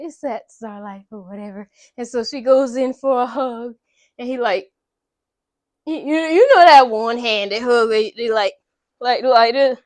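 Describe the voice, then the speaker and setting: A woman's voice: high-pitched, dry recording. A woman vlogger chatting through a casual movie recap in a slangy, rambling way. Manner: chatty, slangy, full of blah blah.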